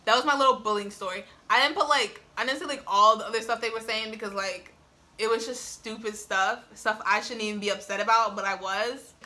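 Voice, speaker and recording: A young adult vlogger with a high-leaning, sharp voice keeps a steady tone and a fairly quick pace as she shares a personal story. Recorded on a phone on a tripod, she's casual and chatty, saying "like" often and laughing plenty.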